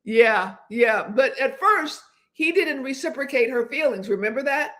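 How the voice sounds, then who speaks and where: A woman's voice: sits high, lively intonation, measured pace, fairly bright tone. A woman in her seventies, hosting a casual livestream chat, rambling along with many restarts and hesitations. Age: 70s. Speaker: host.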